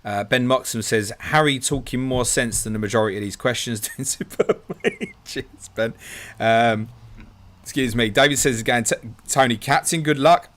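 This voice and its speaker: This live-stream host chats casually, reading viewer questions aloud and answering them while calling people "mate." His voice is medium in pitch and a bit bright, moving at a moderate pace.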